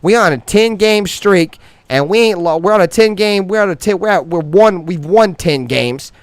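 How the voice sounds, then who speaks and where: A man hosting a fan sports show, delivering swaggering, heavily profane trash talk in slang that grows loud and high-pitched when he gets worked up. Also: normal speed, dry recording.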